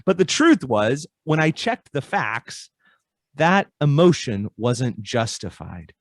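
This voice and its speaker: A man's voice: mid-range voice, very animated, slow pace, no echo. A man speaking as a podcast guest, explaining ideas in a conversational way and acting out little dialogues with changing voices.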